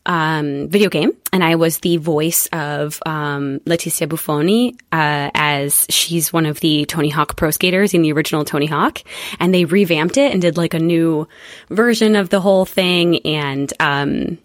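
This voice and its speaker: Young woman, podcast guest, casual chat, lively and chatty, slightly low voice, dry close sound. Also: normal speed, no echo. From UK-born, raised in Spain and the USA. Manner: chatty and lively, frequent fillers.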